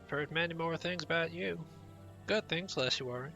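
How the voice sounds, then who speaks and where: A friendly woman who heads the ranch wranglers greets a newcomer in a homespun, made-up accent, voiced by a man reading the game text. The voice has a gravelly edge, and steady game music plays clearly behind it. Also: a little high, moderate pace, pitched above the performer's own voice. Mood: welcoming. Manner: reads the quest text aloud in a put-on accent of his own.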